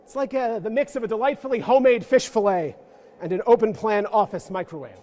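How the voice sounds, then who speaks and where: Male guest lecturer, high-pitched, playful and self-deprecating, leading a church forum audience. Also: a little fast, darkish tone. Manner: playful, self-mocking, joking asides.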